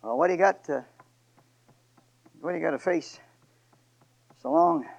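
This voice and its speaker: High-voiced preacher man, shouting and hushed. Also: wildly swooping pitch, a little slow, vocal fry, highs cut off. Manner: swings from shouting to quiet, joking asides. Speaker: pastor. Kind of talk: sermon. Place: church sanctuary.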